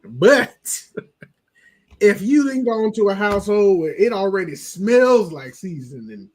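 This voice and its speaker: High-voiced man telling profane stories. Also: measured pace. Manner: profane, animated storytelling. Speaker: podcast co-host. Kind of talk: casual chat.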